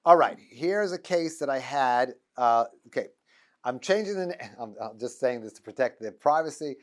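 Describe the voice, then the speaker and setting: A man's voice: medium pitch, animated, normal speed. A middle-aged man, a rabbi teaching a class, talking in a loose, joking way, full of restarts and stammers. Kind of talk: informal lecture. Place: classroom with students.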